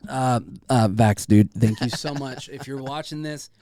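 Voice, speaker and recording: A young man hosting a podcast in casual chat, excitable and rambling, swearing a lot, close to the mic. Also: mid-range voice, measured pace. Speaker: podcast host.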